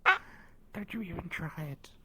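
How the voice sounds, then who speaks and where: A man's voice: high voice, moderate pace, sharp tone, breathy edge. A man chatting casually out of character during a roleplay session, swearing and laughing through playful banter. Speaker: roleplay streamer.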